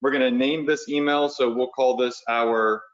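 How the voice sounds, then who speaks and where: Man, casual webinar coach, mid pitch, slightly dull lo-fi audio, conversational walkthrough. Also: steady tone, moderate pace. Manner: casual, talks the viewers through steps while drawing on screen; conversational, uses "y'all" and "right?". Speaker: online business coach. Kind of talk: live webinar teaching.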